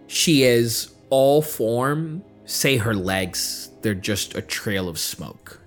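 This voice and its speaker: A man serving as game master, setting scenes in a slow, dramatic way. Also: mid-range voice, lively intonation, soft background music. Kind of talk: narrating a tabletop game.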